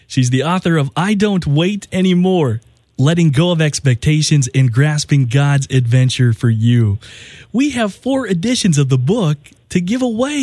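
A man with a dark, mellow tone hosts a radio interview in a dry, close studio sound. He asks measured questions and reads promos smoothly. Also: medium pitch, no echo. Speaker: radio host.

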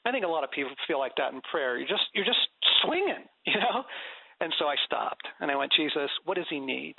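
A middle-aged man with a raised, gravelly, husky voice tells stories about prayer, laughing as he goes. He sounds dry and thin, as if heard over a phone line on the radio. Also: fairly high pitch, brisk, no room sound. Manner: animated storyteller, laughs often. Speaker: guest author on prayer. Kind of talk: conversational faith interview.

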